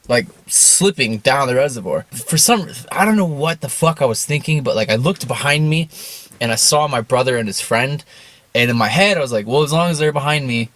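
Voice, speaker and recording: A young man telling a rambling comic story in casual speech, swearing heavily and getting animated. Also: mid-range voice, a little fast, no room sound. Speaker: storyteller host.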